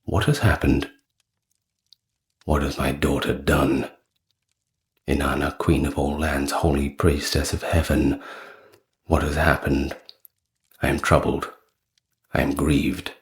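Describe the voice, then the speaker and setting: A man voicing a wise, solemn father god in a soft storytelling read. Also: very deep voice, flat delivery, slow pace, long pauses. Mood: troubled. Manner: grave and solemn, giving commands.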